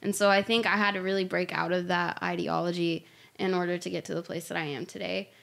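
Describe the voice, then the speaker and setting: Bright, gravelly-voiced chatty woman. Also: on the low side, little pitch movement, quick pace. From Oklahoma. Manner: chatty, laughs often, trails into restarts. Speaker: podcast guest. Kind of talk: casual chat.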